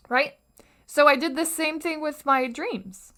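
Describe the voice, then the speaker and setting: Woman, young adult, podcast host, solo motivational talk, slightly high voice, slow unhurried pace, earnest, dips to whispers. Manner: earnest, animated, acts out inner voices, drops to whispers.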